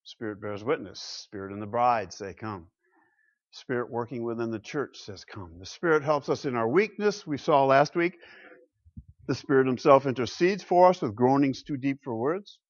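A man preaching a sermon to his congregation, asking rhetorical questions and swinging from loud declarations to hushed asides. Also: mid-range voice, normal speed. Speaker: pastor. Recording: muffled lo-fi sound.

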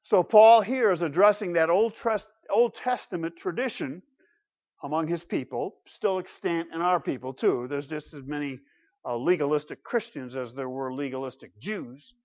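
A man preaching a sermon with dramatic rhetorical questions, swinging from loud to quiet. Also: a little high, normal speed. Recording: dull lo-fi recording.

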